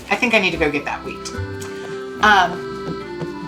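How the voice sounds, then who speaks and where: A woman's voice: fairly low pitch, slow pace, pauses often, rough recording. A young woman streamer telling an exasperated story while she plays a game, now and then swearing. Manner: animated, exasperated venting with swearing. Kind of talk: casual storytelling while gaming. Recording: faint game music behind.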